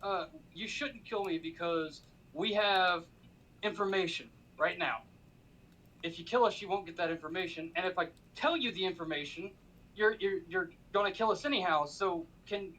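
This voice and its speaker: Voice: medium pitch, pushed and bright, breathy edge, low-quality recording. A player in a tabletop game, speaking in character and pleading with rising urgency.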